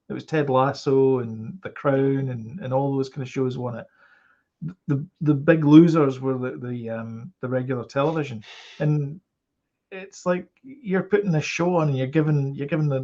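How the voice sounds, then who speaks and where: A Scottish podcast co-host rambles through casual chat in an animated way, full of fillers and frequently restarting his sentences. His voice is gravelly and sits at an ordinary middle pitch, and the audio sounds somewhat dull and lo-fi.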